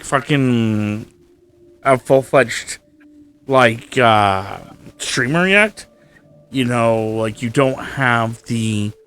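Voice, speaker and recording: A male streamer chats casually over his gameplay. His talk rambles along with plenty of swearing and fillers, in an ordinary middle-pitched voice. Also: a bit bright. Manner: rambling, profane, filler-heavy.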